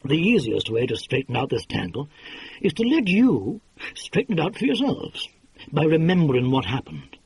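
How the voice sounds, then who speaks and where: A man's voice: a little high, wildly swooping pitch, moderate pace, slightly rough, exaggerated voice. A man reading an audiobook, voicing a grumpy, theatrical elderly detective who lectures with weary patience. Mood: patient.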